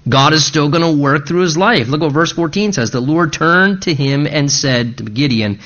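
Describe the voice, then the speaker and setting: Man, pastor, sermon, earnest emphatic preaching, rhetorical questions, slightly high voice, dull lo-fi sound. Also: expressive, normal speed, fairly bright tone.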